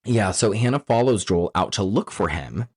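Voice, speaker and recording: A man co-hosting a podcast, casually recapping a horror film's plot with excited, profane asides. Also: on the low side, moderate pace, slightly rough. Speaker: podcast co-host. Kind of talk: casual movie recap chat.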